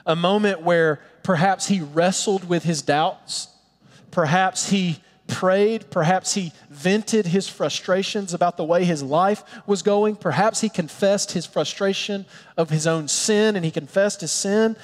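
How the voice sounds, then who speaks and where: Casting: male pastor, sermon delivery, fairly high voice, earnest and pleading, long hall reverb. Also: measured pace. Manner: earnest, pleading, drops to soft tender tones.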